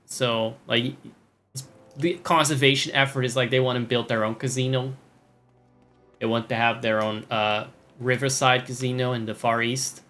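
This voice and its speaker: A man's voice: mid-range voice, steady tone, moderate pace, fairly bright tone, faint music behind. A man streaming a game, making sardonic, profane asides and reading the game dialogue aloud. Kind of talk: casual gameplay commentary.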